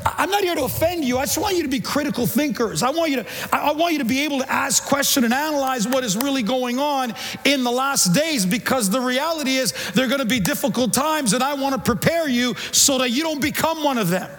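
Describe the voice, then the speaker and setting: Middle-aged guy preaching in church, really high voice, lots of echo, stumbles and repeats words. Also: fast talker. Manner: animated, repeats words, acts out quotes. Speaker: pastor. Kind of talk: sermon. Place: church sanctuary. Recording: long church reverb.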